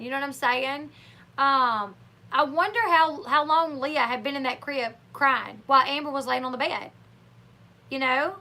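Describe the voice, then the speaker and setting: A high, bright-toned woman with a twang talks through a casual livestream. She is opinionated and chatty, and she often acts out what other people said in lively put-on voices. Her voice sits high and sounds clear and forward. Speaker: livestream host. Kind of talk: casual live chat commentary.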